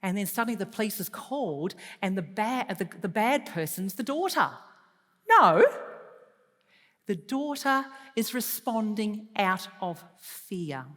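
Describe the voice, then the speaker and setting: A woman giving a lively counselling talk to an audience, moving from loud emphasis to soft, hushed advice. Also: medium pitch, measured pace. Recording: long hall reverb.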